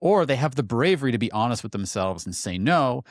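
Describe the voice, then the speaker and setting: A man co-hosting a podcast, who cuts in to make earnest, animated points. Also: medium pitch, brisk, dry recording, studio quality. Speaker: podcast co-host. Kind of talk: casual discussion.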